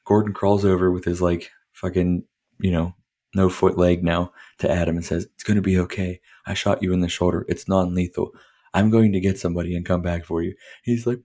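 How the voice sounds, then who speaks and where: A man's voice: low voice, dark tone. A man hosting a podcast, casually recapping a film in a rambling, profane way and laughing often. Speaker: podcast host.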